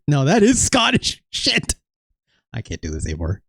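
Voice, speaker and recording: A man's voice: medium pitch, huge pitch swings, moderate pace, husky, no room sound. A man hosting a let's play, rambling and self-deprecating in casual commentary, trailing off with plenty of fillers.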